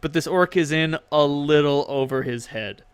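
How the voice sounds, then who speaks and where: A man's voice: a little high, normal speed, smooth, no room sound. Casual stumbling male game master. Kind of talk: narrating a tabletop game.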